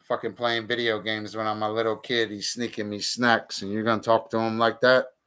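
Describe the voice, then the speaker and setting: A man's voice: fairly low pitch, level tone, normal speed, fairly bright tone, clean tone. A man streaming a casual monologue, talking bluntly and profanely with heated outbursts.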